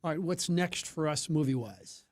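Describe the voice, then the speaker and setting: A man's voice: on the high side, expressive, normal speed, no room sound, studio quality. A man co-hosting a radio show, tossing in short questions and trivia. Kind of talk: casual radio talk. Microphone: studio microphone.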